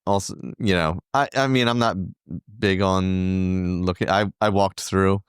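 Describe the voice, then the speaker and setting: A man's voice: deep voice, fairly even intonation, unhurried, smooth, no echo, studio quality. A middle-aged man, a podcast co-host, recounting a trip in casual, rambling chat full of fillers. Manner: rambling, filler-heavy storytelling.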